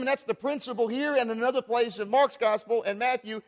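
A man preaching a sermon in church, animated and asking the congregation rhetorical questions. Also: very high voice, a little fast, in a large hall. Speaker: pastor.

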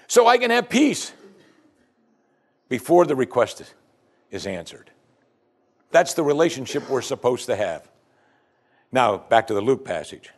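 A man preaching a sermon as pastor, teaching from scripture and acting out the prayers of his listeners. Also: medium pitch. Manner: animated preaching, acts out prayers in quoted voices.

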